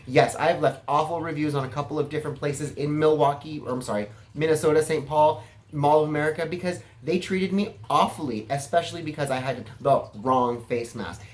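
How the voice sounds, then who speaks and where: A man's voice: fairly high pitch, brisk. A man from California giving a casual, self-assured vlog monologue, chatty and flamboyant in manner. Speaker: political vlogger.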